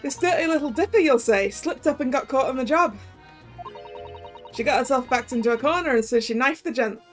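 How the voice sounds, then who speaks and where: A woman's voice: sits high, brisk, faint music behind, close to an everyday voice. A woman voicing a cheeky young girl pickpocket with a wobbly attempted Cockney accent that drifts toward Irish. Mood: sly. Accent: attempted Cockney, slipping toward Irish.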